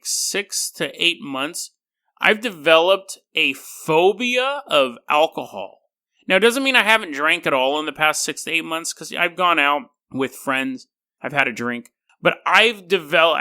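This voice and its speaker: A man in his thirties hosting a podcast, telling stories in an animated, rambling way and laughing often. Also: on the high side. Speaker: podcast host. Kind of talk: casual podcast monologue.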